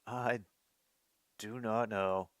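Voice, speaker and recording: A man's voice: fairly low pitch, fairly even intonation, drawn-out words, dry recording, studio quality. A man hosting his own show, reacting casually to a football game as he watches, muttering to himself.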